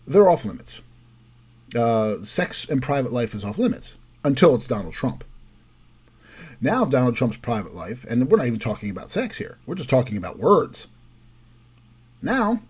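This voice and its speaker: A man's voice: medium pitch, very animated, moderate pace, long pauses, a little mellow, breathy edge. A man hosting a political commentary show, delivering an opinionated monologue and mocking others with quoted voices. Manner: emphatic, mocking quotes in raised voice.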